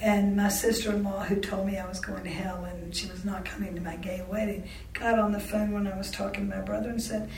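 A woman telling personal stories in an interview, candid and halting, with frequent restarts and wry laughs. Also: mid-range voice, flat delivery, darkish tone, slight background noise. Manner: laughs wryly between remarks. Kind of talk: oral history storytelling. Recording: roomy sound from a distant mic.

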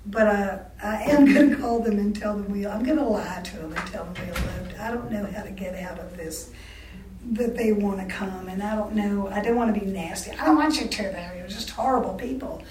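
A woman telling personal stories in an interview, candid and halting, with frequent restarts and wry laughs. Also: medium pitch, a little mellow, a little hiss or hum. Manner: laughs wryly between remarks. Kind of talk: oral history storytelling. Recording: roomy sound from a distant mic.

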